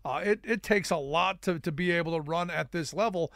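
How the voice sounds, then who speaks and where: A man's voice: a little high, brisk, gravelly, fairly bright tone, dry recording, studio quality. A man co-hosting a casual political talk show, hesitant and wry, with many restarts. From United States. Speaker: co-host.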